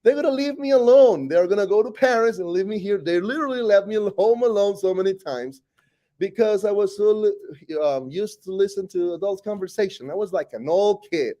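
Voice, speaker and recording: A man from Costa Rica with a Costa Rican Spanish accent, a teacher telling his life story in an animated, rambling way full of self-corrections. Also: high voice, brisk. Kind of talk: personal storytelling interview.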